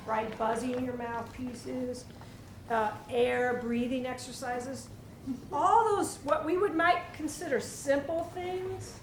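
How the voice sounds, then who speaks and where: A woman leading a percussion clinic for students in a school hall, energetic, asking the room questions and demonstrating. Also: sits high, slight background noise. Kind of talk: teaching a drum clinic to students. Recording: echoey hall, mic at a distance, drumming behind.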